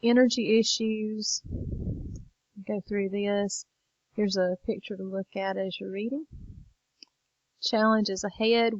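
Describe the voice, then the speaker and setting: A woman's voice: mid-range voice, no echo, highs cut off. A woman teacher walking students through a lesson late in the evening, tired and yawning. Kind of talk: recorded lesson walkthrough.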